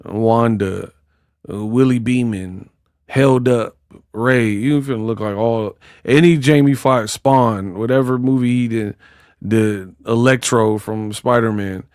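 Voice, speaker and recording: A man's voice: mid-range voice, takes it slowly, a little mellow, clean tone, no room sound, studio quality. A man hosting a casual commentary stream, talking in slangy, teasing rants. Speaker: YouTuber streamer.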